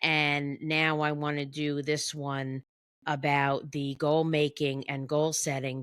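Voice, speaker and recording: A woman guest on a podcast explains her coaching in a slow, deliberate way. She stops often and fills gaps with "um". The sound is close and dry, with no room around it. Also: low voice, fairly bright tone, no room sound. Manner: slow, halting, with many pauses and fillers. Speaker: executive behavior coach, guest.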